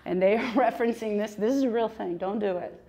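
A woman's voice: medium pitch, brisk, mellow. A woman teaching a humorous, chatty Bible lesson, joking and laughing often.

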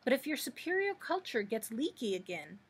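A woman voicing a kind-hearted male tin man, speaking gently and politely in a storybook reading. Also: sits high, big pitch swings, moderate pace, breathy edge, heavily acted.

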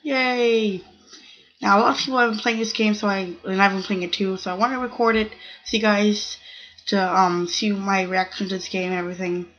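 A woman's voice: mid-range voice, fairly even intonation, a little fast, fairly bright tone, lo-fi sound. A young woman hosting her gaming channel, chatting casually as she plays and scolding the other players with strings of "no". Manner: chatty, talks to the game's other players, squeals "no". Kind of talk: casual gameplay commentary.

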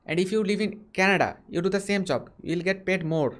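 A man's voice: sits high, brisk, a bit bright. A man from India hosting a casual video chat with strangers, asking question after question with frequent restarts, heard over a video call. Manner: curious, asks many questions, frequent restarts. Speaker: host.

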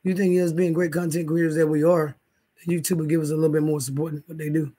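Casting: man with a raised, high voice, loose and profane, chatting to a live audience from bed. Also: flat delivery, fast, warm tone, husky. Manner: rambling, profane, talks straight to the chat. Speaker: livestream host. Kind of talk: casual livestream chat. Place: indoors, in bed.

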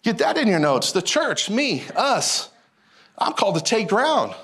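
A male pastor preaching a sermon in an animated, folksy way, repeating phrases and calling out to the congregation. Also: high voice, unhurried, husky. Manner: animated, repetitive, folksy preaching with audience call-outs.

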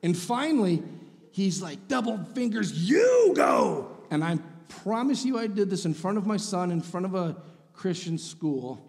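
A man telling a funny story as a guest speaker in a church sermon, animated and sarcastic. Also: high voice, moderate pace, gravelly. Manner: animated, sarcastic, acts out voices. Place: church sanctuary. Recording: reverberant church hall.

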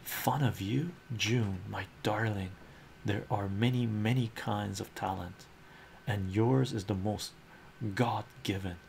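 This is an earnest man confessing his love, as a man reads him aloud from a comic. The voice sits low with a gravelly edge and moves slowly. It comes across as a soft ASMR comic reading rather than a performance. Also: steady tone, slight background noise. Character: earnest adult man declaring love to a colleague.

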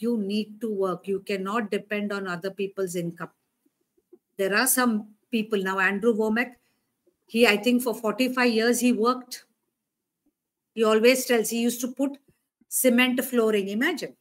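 A woman preacher giving a conversational sermon, often asking her listeners questions. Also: fairly high pitch.

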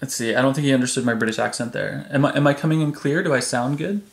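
A man hosting a casual tech video, demonstrating a phone app in a relaxed, chatty way with frequent ums. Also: mid-range voice, fast talker, creaky. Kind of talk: casual product demo. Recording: echoey room.

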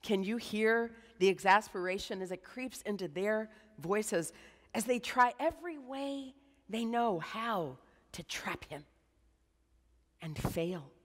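A woman preaching a sermon as a slow, dramatic guided meditation, dropping to a hush at times. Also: medium pitch, in a large hall. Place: church.

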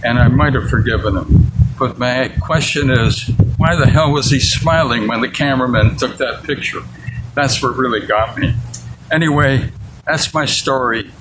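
A man's voice: mid-range voice, normal speed, very noisy. A man in his eighties, a veteran, telling a personal story in an interview in a blunt, outspoken way. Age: 80s.

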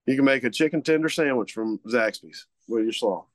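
This Mississippi man, a butcher shop representative guest co-hosting a podcast, talks in a loose, easygoing ramble packed with "uh" and "you know." His pitch is ordinary and middle, his pace fairly quick, and the sound is dry and close with no room around it.

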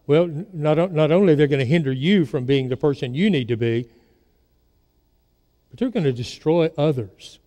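A male pastor delivers a sermon to his church, often stopping to ask the congregation questions. His voice sits a little high and sounds mellow and soft-edged. The sanctuary adds a long reverb to every word. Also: moderate pace. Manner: storytelling preacher, asks the congregation questions.

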